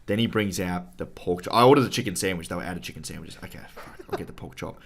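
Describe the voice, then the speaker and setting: Deep-voiced man, boastful. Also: quick pace, creaky. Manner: playful boastful storytelling. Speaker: podcast co-host. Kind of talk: casual chat.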